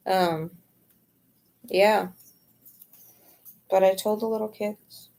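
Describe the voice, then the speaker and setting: Gravelly-voiced young woman vlogging candidly. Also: medium pitch, steady tone, extremely slow, darkish tone. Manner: frank and rambling, swears, often drops to a near whisper. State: tired. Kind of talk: candid personal vlog monologue.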